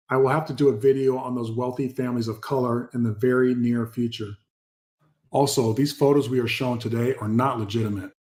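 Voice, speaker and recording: A man hosts a history video, reading old newspaper passages aloud at a steady pitch. He breaks off often to repeat and stress single words. He speaks to his viewers directly as folks. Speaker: history channel host. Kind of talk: reading articles aloud with commentary.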